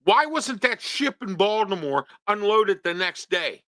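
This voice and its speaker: A man's voice: high-pitched, sing-song, unhurried, bright, forceful tone, dry recording. A man hosting an opinion talk show in a studio, ranting with rhetorical questions and repeating himself.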